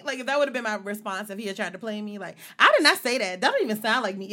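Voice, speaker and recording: A young woman co-hosting a podcast, telling stories bluntly in a casual, animated chat. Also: mid-range voice, quick pace, hardly any pauses. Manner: blunt, animated storytelling with profanity. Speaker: podcast co-host.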